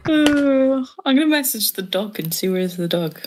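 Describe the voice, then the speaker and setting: A woman's voice: mid-range voice, fairly bright tone, a little hiss or hum, poor audio. A woman chatting casually during a game stream, amused and laughing often. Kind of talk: casual gaming chat.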